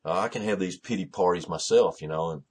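Husky-voiced preacher, low and earnest. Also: male voice, fast talker, a little mellow. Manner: conversational, repetitive, with many restarts and "you know"; rises to fervent emphasis. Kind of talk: sermon.

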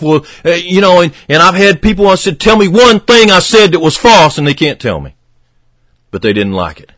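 A man preaching a fervent radio sermon, swinging from emphatic peaks to hushed, low passages. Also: big pitch swings, moderate pace, no echo.

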